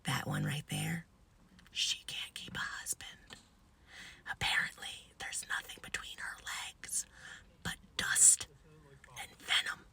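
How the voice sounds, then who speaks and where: A woman voicing a sassy, mean old woman in a wheelchair as whispered role-play, hushed and cutting. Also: sits low, measured pace, creaky, heavily acted. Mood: whispered gossip.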